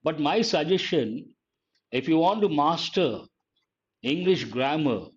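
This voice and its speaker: A man teaching English grammar in a live online lesson, speaking slowly, repeating key phrases and quizzing his viewers. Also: on the high side, expressive, dull audio.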